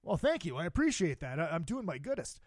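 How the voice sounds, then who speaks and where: A man's voice: fairly high pitch, very animated, fast, a little mellow, no echo, clean studio sound. A man from Minnesota with a slight Minnesota accent, hosting a podcast in an easygoing, agreeable way. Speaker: podcast host. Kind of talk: casual podcast chat.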